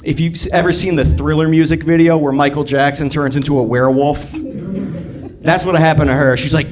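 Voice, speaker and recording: A man's voice: fairly high pitch, fairly even intonation, a little fast, a crowd in the background. A man doing a sardonic stand-up routine on a club stage. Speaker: stand-up comedian. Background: audience laughter.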